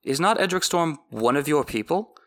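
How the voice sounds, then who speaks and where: A man's voice: a little high, lively intonation, normal speed, fairly bright tone, voice pushed up. A man voicing an earnest, loyal middle-aged knight who speaks plainly and pleads his case.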